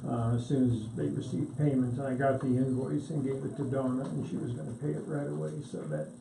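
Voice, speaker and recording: A man serving as county attorney, giving a measured, matter-of-fact report at a board meeting. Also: medium pitch, vocal fry, warm tone. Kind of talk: reporting legal items. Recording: echoey room, faint hiss.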